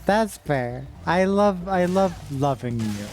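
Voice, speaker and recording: A woman's voice: fairly low pitch, lively intonation, takes it slowly, darkish tone, a little hiss or hum. A woman streamer chatting casually with her viewers while gaming, rambling and emotional, with sudden frustrated outbursts.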